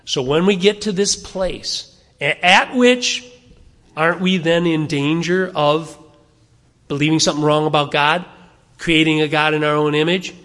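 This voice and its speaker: A man's voice: on the high side, a bit bright. Earnest preaching man in a reverberant church. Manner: earnest, conversational preaching with rhetorical questions and repetitions. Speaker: pastor. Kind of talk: sermon. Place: church sanctuary. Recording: long reverb of a church hall.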